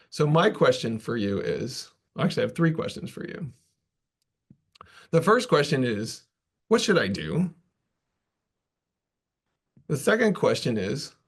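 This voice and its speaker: A man giving a conference talk, telling a story in a casual, self-deprecating way with loose asides. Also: medium pitch. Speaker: conference presenter.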